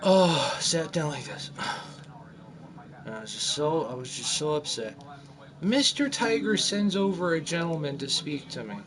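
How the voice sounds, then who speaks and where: Animated, rambling man in his 40s. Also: on the high side, a little slow. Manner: animated, rambling, with frequent restarts. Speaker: gamer narrating his gameplay. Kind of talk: casual storytelling over gameplay.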